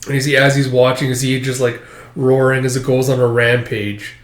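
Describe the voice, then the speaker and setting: A man's voice: medium pitch, level tone, brisk. A man casually reading through a comic chapter, rambling and using lots of filler words. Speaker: manga chapter reviewer. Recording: echoey room.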